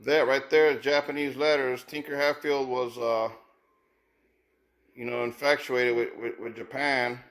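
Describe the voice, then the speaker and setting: A man's voice: medium pitch, little pitch movement, unhurried, a bit bright. A man casually reviewing sneakers, thinking aloud with many repeated words and restarts. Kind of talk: casual unboxing commentary.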